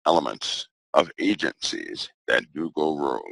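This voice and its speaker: A man speaking as a guest in a casual conversation, measured and repeating phrases for emphasis. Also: rumbling low, big pitch swings, gravelly, fairly bright tone, dry recording.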